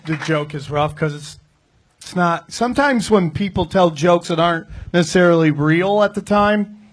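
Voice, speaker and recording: A man's voice: sits high, moderate pace. A man on a comedy panel, chatty and crude, giving notes to a comic. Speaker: guest panelist. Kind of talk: comedy feedback banter. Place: live comedy venue.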